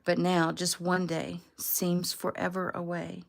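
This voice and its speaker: A woman's voice: lowish voice, completely flat delivery, measured pace, creaky. A woman voicing a tearful, earnest young woman from a storybook who has been away from her family for a long time and aches to get home. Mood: emotional. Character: young woman rescued, emotional, yearning for home.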